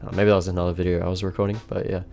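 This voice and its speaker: A man's voice: low-pitched, level tone, very fast, gravelly, mellow. A young man giving casual, rambling gameplay commentary, swearing often and restarting his sentences. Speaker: gaming video creator. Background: faint background music.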